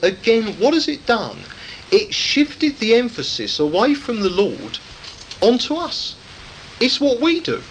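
A man delivers a sermon in a high, animated voice that rises and falls widely. He hammers his points home with repetition and rhetorical questions, over a faint hiss of background noise. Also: low-quality recording. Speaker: preacher.

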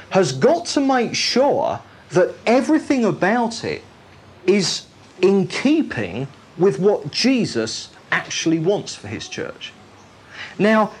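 Slow, husky, lively-pitched preacher. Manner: emphatic, repeats key phrases and asks listeners rhetorical questions. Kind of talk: sermon.

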